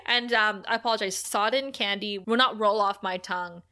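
A woman co-hosting a podcast, chatting casually as she recaps a TV episode, animated and laughing often. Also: medium pitch, normal speed. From Canada. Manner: chatty, animated, laughs a lot, many likes. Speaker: podcast co-host.

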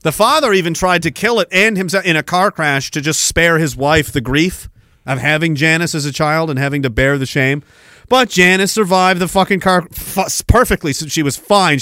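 A man's voice: fairly high pitch, pushed and bright, clean tone, no room sound, studio quality. A man hosting a podcast, ranting sarcastically and with a lot of profanity while reading out messages. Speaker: podcast host.

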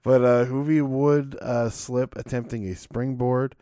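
A man's voice: medium pitch, steady tone, a little slow, dark tone, no room sound, studio quality. A man co-hosting a casual podcast, recapping matches with frequent laughs and swearing. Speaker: podcast co-host. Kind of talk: casual chat.

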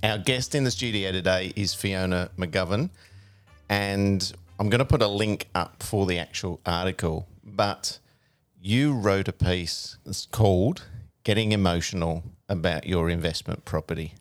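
Deep-voiced man hosting a studio interview. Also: a little slow, no room sound. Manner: conversational, with fillers and restarts. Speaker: show host.

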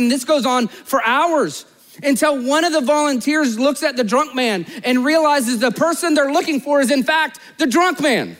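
A man pastor preaching a sermon, telling stories and acting out the people in them, rising high in the anecdotes and dropping soft in the appeals. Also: normal speed, long reverb tail. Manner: storytelling, voices characters in anecdotes; animated, rises high and loud in stories, drops low and soft for appeals.

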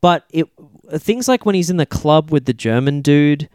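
Ranting man, smooth dry voice. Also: on the high side, moderate pace, no echo. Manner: animated, ranting, swears freely. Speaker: podcast co-host. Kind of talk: casual chat.

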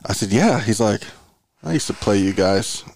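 A man's voice: lowish voice, normal speed. A man on a sports podcast, telling a travel story in casual chat and acting out both sides of the conversation. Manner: animated storyteller, acts out dialogue. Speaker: podcast regular.

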